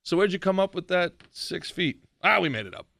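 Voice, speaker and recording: A man hosting his own podcast, ranting sarcastically about politics in a mocking, animated way. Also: sits high, a little fast, creaky, dry recording. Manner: sarcastic, mocking, animated rant with shouted impressions. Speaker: podcast host.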